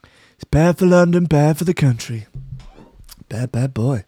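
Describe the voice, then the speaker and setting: A man's voice: on the high side, unhurried, mellow, breathy edge, no echo. A man putting on a comedic impression of a boastful older male politician who repeats himself over and over. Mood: ranting. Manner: repeats words over and over, swaggering and exaggerated.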